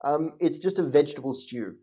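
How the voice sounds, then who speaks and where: Relaxed, dry-humoured male game master. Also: fairly high pitch, fairly quick, slightly rough. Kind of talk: narrating a tabletop game.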